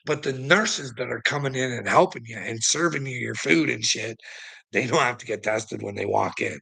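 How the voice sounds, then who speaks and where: A man's voice: medium pitch, normal speed, creaky, sharp tone, breathy edge, rough recording. A man telling a rambling personal story to a relative, swearing constantly and laughing often.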